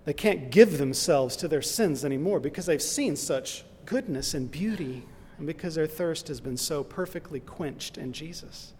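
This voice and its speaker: A man's voice: fairly high pitch, animated, moderate pace, hardly any pauses, a little mellow, a little hiss or hum. A man preaching a sermon, earnest and emphatic, who builds into impassioned lists and retells a story along the way. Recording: long reverb in a large hall.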